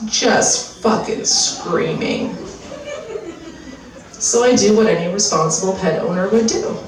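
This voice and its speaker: A woman doing a crude, animated stand-up comedy set, acting out voices in her stories. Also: mid-range voice, distant mic. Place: live comedy club. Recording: echoey room, mic heard from afar.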